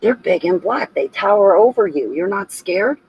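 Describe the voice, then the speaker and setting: A woman voicing her blunt, prejudiced elderly grandmother with a husky voice. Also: mid-range voice, lively intonation, moderate pace, dry recording, highs cut off, voice pushed up, heavily acted. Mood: incredulous.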